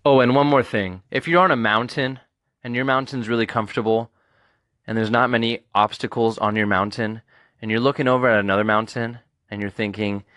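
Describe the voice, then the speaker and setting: A man's voice: medium pitch, fairly even intonation, brisk, a bit bright, dry recording, studio quality. A man in his twenties hosting his own podcast, talking in a playful, rambling and earnest way. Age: 20s. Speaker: podcast host. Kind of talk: casual solo podcast monologue.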